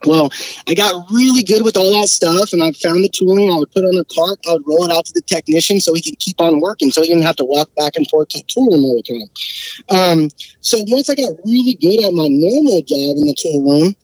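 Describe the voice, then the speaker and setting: A man's voice: on the high side, a little fast, husky, no echo, low-quality recording. Slangy man telling shop stories. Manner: slangy, swearing, animated, imitating others. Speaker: podcast guest, shop technician. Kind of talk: casual storytelling.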